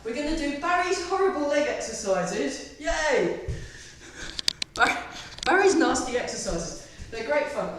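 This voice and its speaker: A woman's voice: high-pitched, sing-song, unhurried, noisy background. A woman leading a tai chi fitness class, counting reps with chatty, self-mocking asides and giggles. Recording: echoey room, voice from far off the mic.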